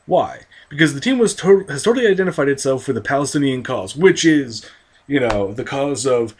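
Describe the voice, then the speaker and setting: A man's voice: medium pitch, animated, a little fast, slightly rough. Swearing, ranting American man. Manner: heavily profane, angry, rambling with frequent restarts and tangents. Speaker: video commentator. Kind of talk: ranting commentary mixed with reading an article aloud.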